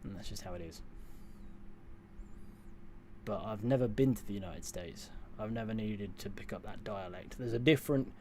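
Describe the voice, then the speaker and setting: A man's voice: fairly low pitch, normal speed, pauses often, mellow, a little hiss or hum. A man from southwest England with a mostly received pronunciation accent touched by West Country and Northern sounds, casually answering viewer questions, rambling and correcting himself. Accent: English, received pronunciation with West Country and Northern touches. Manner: rambling, self-correcting, chuckles often. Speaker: streamer reading chat.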